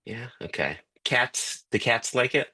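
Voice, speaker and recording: A man's voice: mid-range voice, animated, unhurried, pushed and bright, slightly rough. A man hosting an online tasting on a video call, chatting loosely with lots of fillers and restarts. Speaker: whisky tasting host. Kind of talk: casual online tasting talk.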